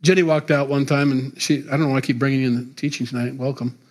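A man pastor preaching a sermon, emphatic and repetitive, with sudden loud rises and quiet drops. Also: mid-range voice, little pitch movement, fast talker.

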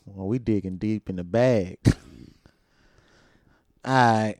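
A man's voice: on the low side, extremely slow, darkish tone, no room sound, clean studio sound. A young man, telling stories in a laid-back, slangy way on a casual podcast chat. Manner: laid-back storytelling, slangy, laughs often. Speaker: podcast co-host.

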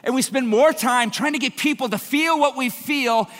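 A male pastor giving an earnest sermon, moving from soft, quiet passages to impassioned, repeated declarations. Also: very high-pitched, normal speed. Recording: church hall with long reverb, worship music behind. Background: instrumental worship music.

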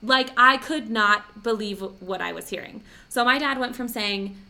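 Young woman podcast host, bright sharp voice, rambling emotional story with lots of "like". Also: fairly high pitch, moderate pace. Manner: chatty, emotional storytelling full of "like". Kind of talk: casual podcast chat.

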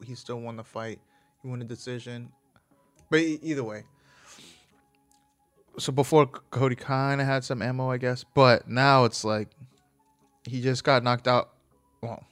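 Rambling, swearing man chatting casually. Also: mid-range voice. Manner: rambling, profane, keeps correcting himself. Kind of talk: casual chat about fights.

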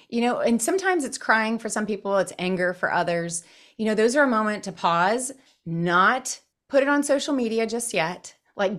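A middle-aged woman, a counselor and author, speaking as a podcast guest in an encouraging, reflective way. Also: mid-range voice. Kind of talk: conversational interview.

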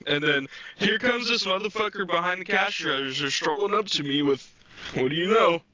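A man's voice: high-pitched, a little fast, sharp tone, no room sound. A man co-hosting a podcast, retelling a story in casual chat, laughing often and swearing. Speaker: podcast co-host. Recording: dull lo-fi sound.

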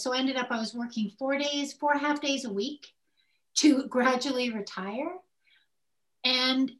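An older woman co-hosting a candid podcast conversation, telling personal stories in an animated way and acting out what people said. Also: sits high, unhurried. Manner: animated storyteller who acts out quoted speech. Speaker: podcast co-host.

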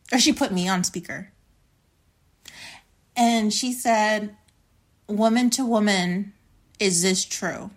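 A young woman hosting a podcast tells a personal story in a blunt, indignant monologue full of swearing. Her voice is medium in pitch with a fairly bright tone.

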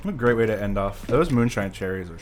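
A man co-hosting a casual live-streamed podcast, relaxed and dryly teasing. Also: lowish voice, fast, background noise. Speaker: podcast co-host.

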